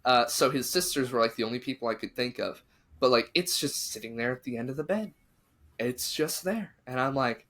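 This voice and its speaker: A man's voice: medium pitch, moderate pace. A man hosting a podcast, telling a spooky story in casual chat and acting out what the people in it said. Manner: animated, acts out quotes of the people in his story.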